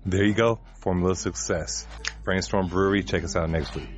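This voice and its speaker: Deep voice podcast cohost dude, jokey, dry dull mic with soft music under. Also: male voice, fairly even intonation, a little fast. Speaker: podcast co-host. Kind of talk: joking podcast chat.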